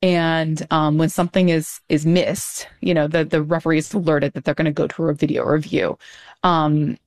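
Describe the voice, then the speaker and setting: A woman with a low voice explains things in a relaxed, conversational way. She pauses often with ums and laughs lightly. She sounds thoughtful and easygoing. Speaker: guest commentator. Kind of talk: casual conversational analysis.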